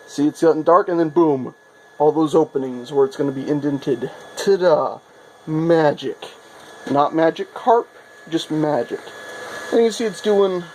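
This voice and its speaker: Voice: medium pitch, dark tone, a little hiss or hum, rough recording. Playful chatty maker vlogger. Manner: playful, chatty, self-mocking. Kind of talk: casual show-and-tell vlog. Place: workshop.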